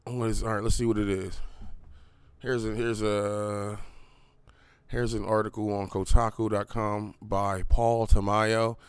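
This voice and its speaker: Low-voiced, profane young podcast host. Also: male voice, little pitch movement, unhurried, clear, resonant tone, no room sound. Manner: profane, rambling, full of fillers and restarts. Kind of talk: casual podcast rant.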